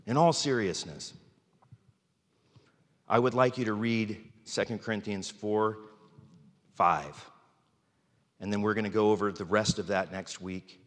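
A male pastor delivers a conversational sermon from the pulpit of a church sanctuary, speaking frankly, informally, and with self-deprecating humor. His voice is lowish and measured, with frequent pauses and a long reverb tail.

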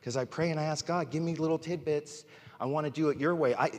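With a fairly high-pitched voice and a big-room sound, this man is a pastor giving a frank, informal sermon in a church sanctuary. He speaks candidly from the pulpit and often turns the joke on himself.

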